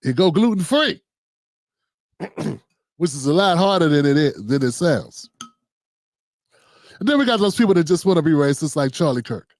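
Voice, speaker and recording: A man's voice: fairly high pitch, very animated, normal speed, pauses often, a little mellow, no echo. A man from Maryland hosting a livestream, talking casually and often asking "you know what I'm saying". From Maryland, USA. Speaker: livestream host. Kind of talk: casual monologue.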